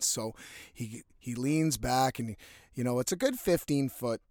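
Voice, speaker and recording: Animated, profane male storyteller. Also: medium pitch, a little slow, no echo, clean studio sound. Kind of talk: casual storytelling.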